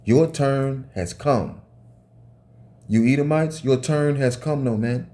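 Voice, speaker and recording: Man, informal preacher, profane, slow drawl, mellow low timbre. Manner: profane, tags phrases with "man", rereads and corrects himself. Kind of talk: informal scripture reading and ranting sermon.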